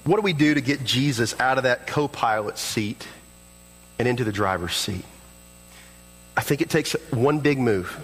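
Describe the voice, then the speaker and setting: A man's voice: big-room sound, rough recording. A man preaching a sermon as pastor, earnest, acting out prayers and dialogue in his own voice. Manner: earnest, acts out prayers and dialogue in shifting pitch.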